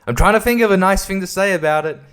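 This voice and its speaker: Fast and fairly bright, this man's voice sits high and sounds clear and resonant. He's a podcast host on a casual, profane film review rant, rambling and exasperated, stumbling over words and laughing between thoughts.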